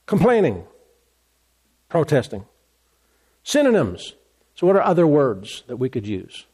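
A man preaching a sermon as a pastor, animated, acting out complaining voices along the way. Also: fairly high pitch, measured pace, breathy edge.

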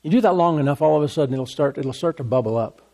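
A man preaching a sermon as pastor, emphatic and repetitive, with deliberate bursts of laughter. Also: on the high side, warm tone.

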